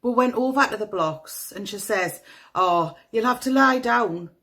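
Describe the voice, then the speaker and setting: With a Northeast English accent, a woman reads aloud a young girl's flat statement to the police in a matter-of-fact way; her voice is fairly high and sharp, at a measured pace.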